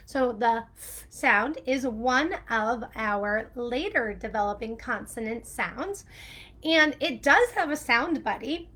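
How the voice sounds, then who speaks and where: A woman speech-language pathologist explaining a speech sound step by step, bubbly and quick to laugh. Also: fairly high pitch, a bit bright. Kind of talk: upbeat instructional video with a sung intro.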